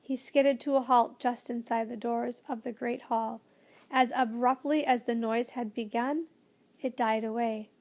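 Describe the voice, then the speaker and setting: A woman narrating a children's storybook with a gentle, expressive reading. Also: fairly high pitch, measured pace. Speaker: audiobook narrator.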